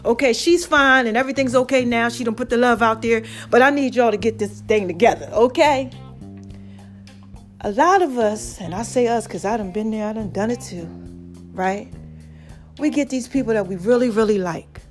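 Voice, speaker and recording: A woman's voice: on the high side, normal speed, soft background music. A woman hosting her own podcast, telling a story in a chatty way and talking straight to her listeners. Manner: chatty, addresses listeners directly as "baby" and "y'all". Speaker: podcast host. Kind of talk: casual storytelling monologue.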